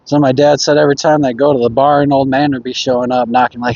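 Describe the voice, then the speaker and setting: A young man from Minnesota, with the accent to match, rambles through stories in a relaxed, offhand way. His voice sits at an ordinary middle pitch and he swears casually as he talks. The sound is slightly dull and lo-fi, picked up outdoors during a ride. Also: quick pace. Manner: rambling storyteller, laid-back, swears casually. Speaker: livestreamer. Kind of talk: casual live-stream chat while riding. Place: outdoors on a scooter ride by a creek.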